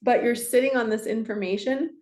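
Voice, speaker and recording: A woman's voice: a little high, fairly even intonation, a little fast, a little mellow. A middle-aged woman giving a casual, heartfelt spiritual talk as host of her channel, speaking earnestly and confidingly. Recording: echoey room.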